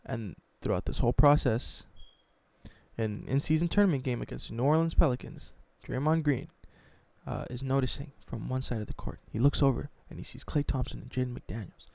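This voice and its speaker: A man telling a sports story in a mocking, animated, profane way, as a sports YouTuber. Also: mid-range voice, fairly quick, vocal fry, no echo.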